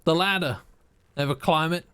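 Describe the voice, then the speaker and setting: A man's voice: a little high, moderate pace, a bit bright, clear, resonant tone, no room sound. Playful man streaming a game. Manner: playful, joking, reads choices aloud. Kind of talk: live game playthrough, reading aloud and chatting.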